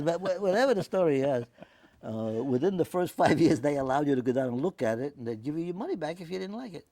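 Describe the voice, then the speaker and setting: An elderly New man, a war veteran in his nineties, recounts his life in a halting, meandering way. His voice is gravelly and mellow. The recording is dry and close. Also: on the high side, expressive, dry recording. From Staten Island, New York. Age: 90s. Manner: rambling, halting, with many restarts. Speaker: interviewee, WWII veteran. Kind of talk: oral history storytelling.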